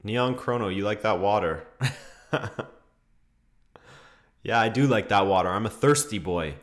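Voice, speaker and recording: A young man hosts a live football watchalong and talks casually into his desk mic. His voice sits a little low. He chats easily with his viewers and reacts to the play with quick laughs and drawn-out oohs. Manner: chatty, laughs often, reacts with ooh and hoo to the match. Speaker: streamer hosting a football watchalong. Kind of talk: casual live-stream commentary and chat reading.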